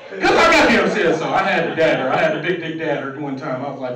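A man's voice: on the high side, expressive, fairly quick, fairly bright tone. Man, thirties, stand-up comic, loose and profane, roomy distant sound. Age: 30s. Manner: loose, profane, conversational delivery with acted-out quotes. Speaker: stand-up comedian. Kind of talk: open mic stand-up set. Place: comedy club stage. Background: crowd laughing.

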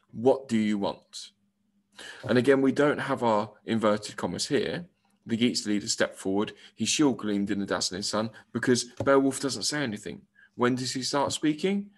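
A male primary school teacher giving a recorded English lesson, explaining step by step and reading example lines aloud. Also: fairly low pitch.

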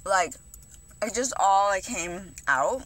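A woman's voice: mid-range voice, expressive, slow pace, a bit bright. A young woman vlogging in a rambling, confessional way, swearing a lot and filling her talk with "like" and "you know". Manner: rambling, heavy swearing, many fillers. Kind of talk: casual confessional vlog.

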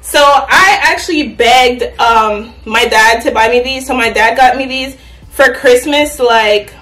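A chatty young fashion vlogger with a high, slightly bright voice talks straight to her viewers at a measured pace, playful as she runs through a casual try-on haul. She's at home in an echoey room, and the recording sounds roomy and distant.

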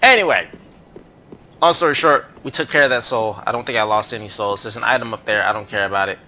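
A man's voice: fairly low pitch, quick pace, pushed and bright, slight background noise. A man hosting a let's play, talking through his game in a rambling, self-correcting, chatty way. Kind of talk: casual gameplay commentary.

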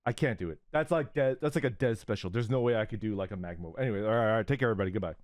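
A male streamer chatting casually, laughing often and talking in a bouncy, lively way. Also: lowish voice, racing, dry recording.

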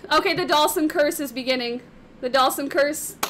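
High, bright, excitable young woman streamer. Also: normal speed, a little hiss or hum. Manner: squealing, repeats phrases over and over. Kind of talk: excited live-stream commentary. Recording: slightly off-sounding stream audio.

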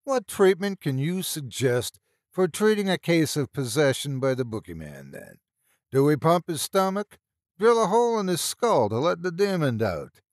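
A man's voice: medium pitch, lively intonation, a little slow, no room sound, clean studio sound. A man playing a scornful, snapping senior doctor. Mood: sarcastic. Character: blustering sarcastic male senior psychiatrist.

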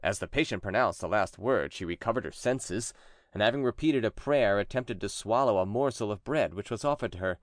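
A man narrating a classic text as an audiobook, telling the story in a lively, expressive way. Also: lowish voice, a little fast, no room sound, clean studio sound.

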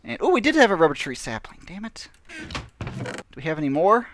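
A man's voice: fairly high pitch, huge pitch swings, brisk, fairly bright tone, no echo. Rambling man narrating his gameplay. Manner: rambling, self-mocking, laughs often. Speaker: gaming channel host. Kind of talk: casual gameplay commentary.

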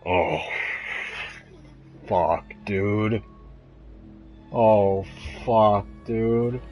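A young man narrates his own horror playthrough in a low, slow mutter, swearing constantly. Frights push him into startled yelps. Faint music plays behind him. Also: highs cut off. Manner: profane, jumpy, muttering and yelping with fear. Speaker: gamer streaming a horror game. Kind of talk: frightened live gameplay commentary.

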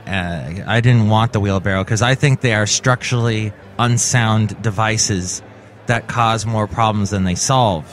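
A man's voice: fairly low pitch, a little slow. A man hosting a comedic solo podcast who talks in a playful, rambling, chatty way. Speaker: podcast host.

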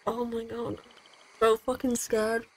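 A woman commenting on her gameplay as a let's play host, excitable and jumpy, swearing often. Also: fairly high pitch, slow, crowd noise. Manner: excitable, swears a lot, jumpy and easily scared.

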